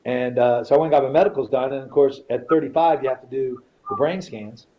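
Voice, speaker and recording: Here a middle-aged podcast guest talks quickly in a mid-range voice, spinning a profane, lively story and acting out its characters by quoting them. Faint noise sits under the slightly dull podcast recording.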